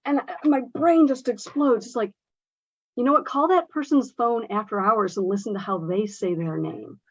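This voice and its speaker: A woman's voice: on the high side, normal speed, slightly rough, no room sound, muffled recording. A woman who teaches English as a second language, speaking earnestly and emphatically with many fillers in a workshop discussion. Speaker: ESL instructor.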